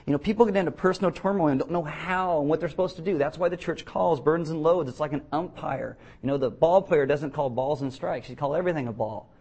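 A man's voice: fairly high pitch, fast talker, few pauses, darkish tone. Blunt, joking male pastor preaching. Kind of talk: sermon. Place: church, before a congregation.

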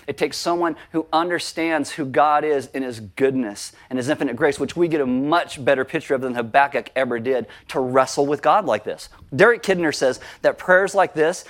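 A male pastor preaching a sermon, acting out quoted prayers with animated emphasis. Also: mid-range voice, moderate pace, few pauses.

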